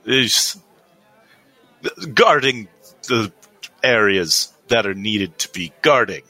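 A man's voice: fairly low pitch, lively intonation, slow, sharp tone, dry recording, exaggerated voice. A man voicing a nervous, evasive nobleman's bodyguard who stammers through his answers. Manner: flustered, stammering.

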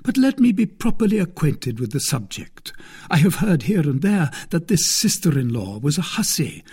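A man voicing a suave, clever male musketeer poet who speaks with measured self-confidence and a husky tone. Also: a little high, big pitch swings, darkish tone, voice pushed up, exaggerated voice. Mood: confident.

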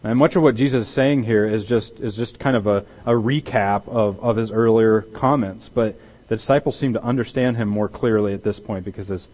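A pastor delivering a conversational sermon, often restarting his sentences and growing animated when he acts out what is said. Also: on the low side, a little fast, poor audio. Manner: conversational with repeated restarts, grows loud and animated in dramatized quotes.

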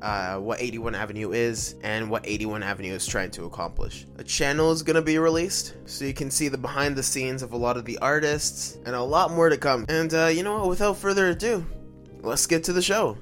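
Bright-voiced chatty podcast host, man. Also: medium pitch, brisk, soft background music. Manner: rambling storyteller, laughs a lot. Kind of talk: casual podcast chat.

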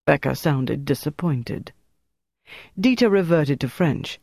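Steady audiobook narrator, dry close sound. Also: medium pitch, unhurried, no echo. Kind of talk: scripted narration of a thriller.

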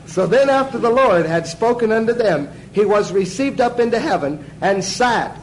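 A man's voice: high-pitched, animated, moderate pace, slight background noise, low-quality recording. A man teaching a Bible class in sermon style, emphatic, asking the class questions and answering them himself.

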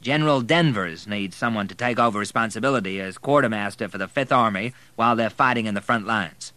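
A man reading aloud, voicing an energetic, commanding male American army general in a raised voice. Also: fairly low pitch, fairly quick, dry recording.

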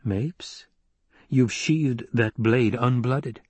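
Brief: male narrator playing a composed noblewoman, firm orders, husky tone, dry sound. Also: medium pitch, extremely slow, no room sound. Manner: crisp, firm commands. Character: poised noblewoman, calm and commanding.

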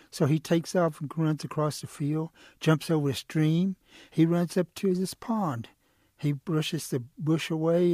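Husky-voiced man telling a folk tale. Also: a little high, no room sound, studio quality. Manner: relaxed, rhythmic storytelling. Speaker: storyteller. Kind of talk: traditional oral storytelling.

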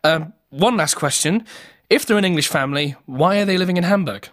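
A man's voice: fairly high pitch, a little fast, a bit bright, close to an everyday voice. A man playing an earnest, pedantic voice actor who overthinks his part. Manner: earnestly pedantic, over-thinking. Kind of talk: sketch comedy acting.

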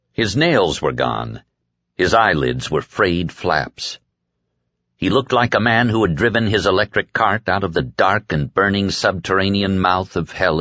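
A man reading an audiobook with deliberate, dramatic storytelling. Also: sits low, fairly bright tone, no echo, dull audio. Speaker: audiobook narrator. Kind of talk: scripted narration.

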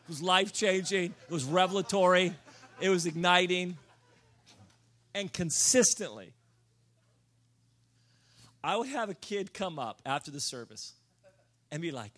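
A man preaching to a room, telling self-mocking stories in a lively, animated way and breaking into loud comic shouts. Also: sits high, measured pace, pauses often. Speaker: pastor. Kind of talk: sermon storytelling. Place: church or conference room.

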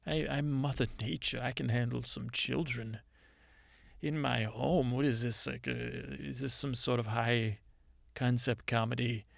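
This is a clean studio recording, dry, of a man with a creaky medium-pitched voice. He improvises as a self-important female Mother Nature spirit who rambles through stories in a halting, deadpan manner.

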